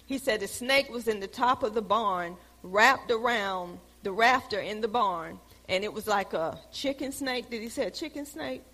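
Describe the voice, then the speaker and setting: A woman teaching a Bible lesson in a preaching style, telling stories with lively, loud exclamations. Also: mid-range voice, moderate pace, hardly any pauses. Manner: animated storytelling, rises to loud exclamations. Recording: long hall reverb.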